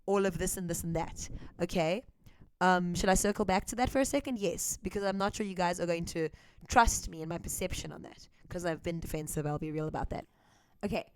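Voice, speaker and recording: A South African woman with a South African accent, talking through ideas in casual commentary with animated asides. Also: lowish voice, clear, resonant tone, dry recording. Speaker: reaction vlogger.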